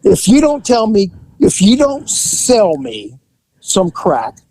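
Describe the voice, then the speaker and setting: A man hosting a podcast, telling a police story in a relaxed, conversational way and acting out the people in it. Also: sits high, takes it slowly, no echo, low-quality recording. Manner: animated storyteller who acts out the people in his story. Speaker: podcast host and former police officer. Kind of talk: casual storytelling.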